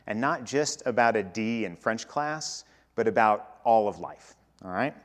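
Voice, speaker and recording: A man in his thirties, a pastor, preaching a sermon in a conversational way, often repeating and restarting phrases. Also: mid-range voice.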